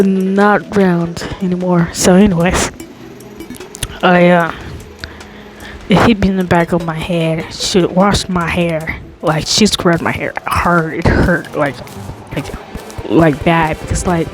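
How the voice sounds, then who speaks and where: A young woman telling a childhood story in a casual, rambling way, full of fillers and deliberately slow. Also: on the low side, steady tone. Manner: rambling, filler-heavy, talks slowly on purpose. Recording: background music under the voice.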